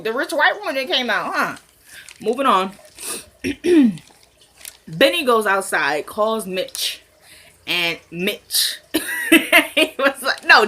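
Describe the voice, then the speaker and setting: A woman chatting casually as she recaps a TV episode, retelling scenes with quick voiced quotes. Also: medium pitch, bright, forceful tone. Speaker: TV recap vlogger.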